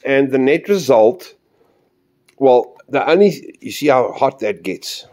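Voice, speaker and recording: A man's voice: medium pitch, big pitch swings, slow, darkish tone. Rambling chatty hobbyist man. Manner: rambling, chatty, addresses viewers as boys. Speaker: model railway hobbyist. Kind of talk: casual hobby demonstration.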